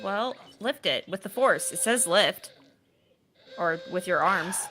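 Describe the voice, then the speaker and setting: Bright-voiced woman trading playful banter. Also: mid-range voice, expressive, faint music behind. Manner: playful, quick comebacks. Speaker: podcast co-host. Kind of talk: casual live-stream chat.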